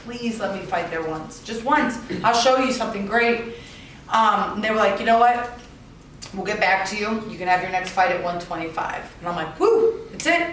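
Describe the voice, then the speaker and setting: A woman's voice: mid-range voice, normal speed, fairly bright tone. A woman telling her story to an audience in a chatty way, often adding "right?" and "like". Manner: chatty, many "right?" and "like" fillers. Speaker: fighter speaking to an audience. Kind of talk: storytelling talk. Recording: echoey room, mic far off, faint noise.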